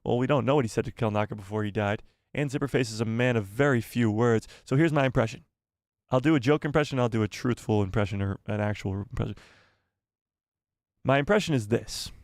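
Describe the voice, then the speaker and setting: A man's voice: medium pitch, a little fast, darkish tone, no echo, clean studio sound. A man hosting a live fan stream, chatting casually in a rambling, self-deprecating, joking way. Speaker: host of a live fan show.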